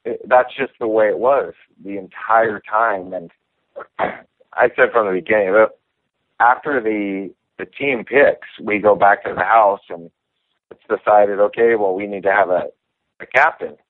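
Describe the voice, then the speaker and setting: Low-voiced man on a tinny phone line. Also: measured pace, no room sound. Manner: relaxed storyteller acting out quotes. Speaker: interview guest, professional fighter. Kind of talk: casual storytelling interview.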